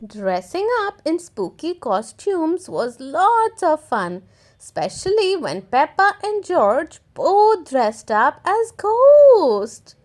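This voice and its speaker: Slow, high-voiced woman reading a children's story. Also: very animated, darkish tone. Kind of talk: children's story read-aloud.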